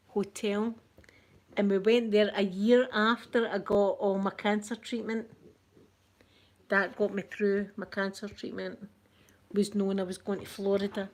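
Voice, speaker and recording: A middle-aged Scottish woman hosting a soft-spoken ASMR vlog, chatty and rambling, with local words like wee and yous. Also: mid-range voice, flat delivery, measured pace. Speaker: ASMR channel host.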